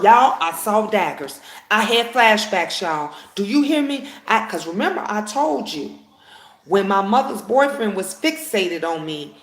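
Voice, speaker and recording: A woman's voice: mid-range voice, a bit bright, reverberant. A woman telling a personal story to her viewers in casual chat, emphatic and heated, often turning to address them directly.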